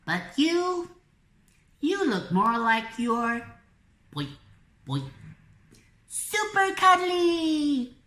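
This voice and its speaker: A woman voicing a cheeky little dumpling kid in a high, squeaky, teasing voice. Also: sing-song, extremely slow, pauses often, a bit bright, exaggerated voice. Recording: echoey room.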